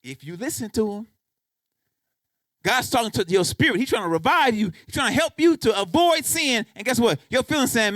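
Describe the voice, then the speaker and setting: Picture a male pastor preaching in church, his voice sitting high and swinging widely up and down. He speaks conversationally to the congregation and keeps driving points home with emphatic repeated questions. The sound is dry and close, with little room echo. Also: lively intonation, normal speed, fairly bright tone. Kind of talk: sermon.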